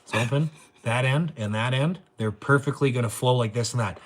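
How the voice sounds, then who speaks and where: A man's voice: medium pitch, a little fast. A man hosting a casual livestream, joking crudely, laughing often and reading viewer comments. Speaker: livestream host.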